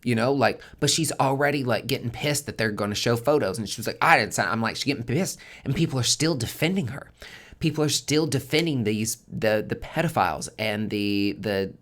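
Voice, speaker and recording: Guy doing a tarot forecast, cusses a ton, keeps hammering the same point, middle pitch. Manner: heavy swearing, emphatic and repetitive. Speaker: tarot reader hosting a monthly forecast. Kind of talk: casual spoken forecast monologue.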